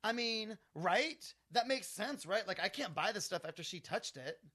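A man voicing an irate woman shopper who protests loudly and insistently while telling a comic story. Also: high voice, lively intonation, normal speed, pitched above the performer's own voice, exaggerated voice. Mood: indignant.

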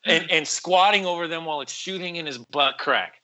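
A man telling a story in casual chat, animated and acting out quotes in other voices, with lots of "like" and "bro". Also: a little high, a little fast, low-quality recording.

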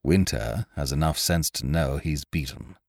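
A shrewd sea captain lays down terms calmly and without hurry, as a man voices him. The voice is low but lively in its rise and fall. Storybook reading, close and dry. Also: no room sound. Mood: calm commanding. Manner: calm, unhurried.

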